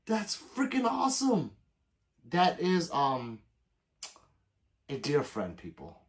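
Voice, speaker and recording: A man's voice: fairly high pitch, wildly swooping pitch, takes it slowly, pauses often. A man hosting a livestream, reading viewer comments aloud in loose, profane casual chat and plugging subscriptions. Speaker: livestream host.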